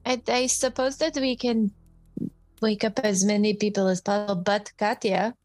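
Woman player, kinda unsure and halting, dry mic, faint music. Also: mid-range voice, steady tone, darkish tone, dry recording. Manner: hesitant, tentative. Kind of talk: casual tabletop play.

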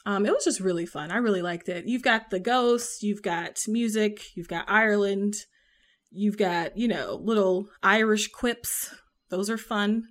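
Southern american woman just chatting, rambly, lots of um and you know, medium pitch. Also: a little slow. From Southern United States. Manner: chatty and rambling, many fillers, laughs often. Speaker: podcast co-host reviewing a book. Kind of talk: casual chat.

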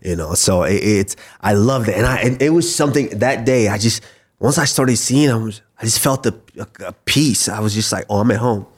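Man from Nigeria, very deep voice, podcast guest, thoughtful casual talk. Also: lively intonation, moderate pace. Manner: thoughtful, restarts and repeats while thinking. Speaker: guest, fighter. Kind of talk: casual interview chat.

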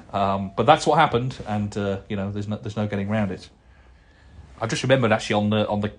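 A middle-aged man hosting a casual solo podcast, rambling and chatty with plenty of fillers and restarts as he answers listener emails. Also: lowish voice. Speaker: podcast host.

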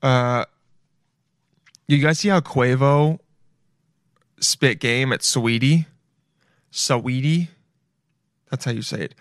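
A man's voice: medium pitch, slow pace, long pauses, clean tone, dry recording, studio quality. A man hosting a podcast, riffing in casual comedic commentary, rambling, swearing and calling the listeners "dude". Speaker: podcast host.

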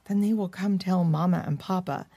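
A woman's voice: on the low side, fairly even intonation, moderate pace, warm tone, slightly rough, no room sound. Woman reading as Annalise, a worried raccoon dog girl.

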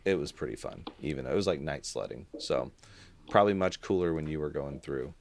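A man's voice: very deep voice, expressive, brisk, gravelly. A man co-hosting a podcast in casual chat, rambling with lots of fillers and laughing easily. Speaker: podcast co-host.

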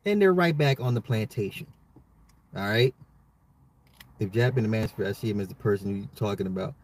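Brisk but pausing often, this man has a lowish, darkish-toned voice. He's an adult father who hosts his own social commentary podcast solo, speaking directly and emphatically to listeners and returning to the same points repeatedly.

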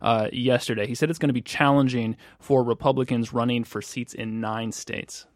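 A man hosting a political panel, steering the talk and passing questions around in a brisk manner. His voice sounds dry and close. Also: mid-range voice, fairly even intonation, no echo. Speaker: host.

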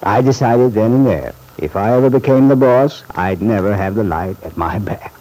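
A man's voice: on the low side, animated, moderate pace, dark tone, rough recording. A genial fatherly banker uncle. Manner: genial, chuckling, reassuring. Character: fatherly middle-aged male bank owner uncle. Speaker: bank executive. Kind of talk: vintage radio soap acting.

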